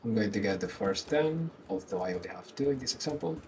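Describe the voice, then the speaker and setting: A man presenting a screen-recorded web development tutorial, explaining each step calmly. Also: medium pitch, fairly quick, vocal fry, slight background noise, low-quality recording.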